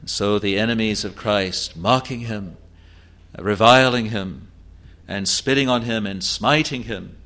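Slow, halting male preacher. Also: fairly low pitch, pushed and bright. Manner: slow and halting, frequent "uh" fillers and self-corrections; reads scripture in an older, formal register. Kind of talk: sermon exposition of scripture.

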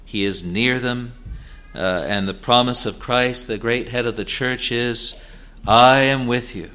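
A man preaching a sermon in an earnest, halting way, with many fillers and restarts, rising to emphatic declarations. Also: medium pitch, steady tone, bright, forceful tone.

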